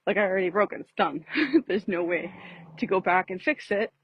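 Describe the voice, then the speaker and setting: A woman with a husky, slightly breathy voice, winded from walking uphill. She rambles and restarts with frequent laughs, recorded dry and close on a phone outdoors. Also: mid-range voice, a little fast, no echo, dull audio. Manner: rambling, self-interrupting, laughing often. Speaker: vlogger. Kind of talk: casual reflective talk while walking. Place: outdoors on a street.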